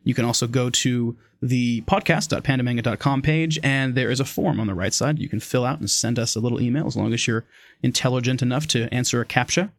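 Fast-talking upbeat podcast host. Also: male voice, medium pitch, gravelly, no echo. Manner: enthusiastic, upbeat. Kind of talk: casual podcast chat.

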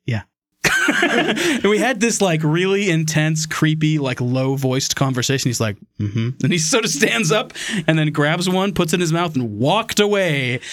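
A man chatting casually as a podcast co-host, telling animated stories and acting out other people's lines. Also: a little high, moderate pace, dry recording, studio quality. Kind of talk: casual chat.

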